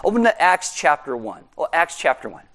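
A man preaching a sermon as pastor, conversational and animated with jokey asides. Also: a little high, brisk.

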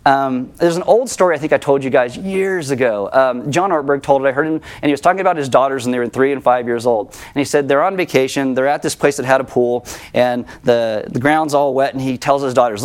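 A male pastor preaches in an easy, conversational way with mid-range pitch. He jokes at his own expense, then slows down to land his points. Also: expressive. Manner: conversational, self-deprecating, slows for emphasis. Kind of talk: sermon.

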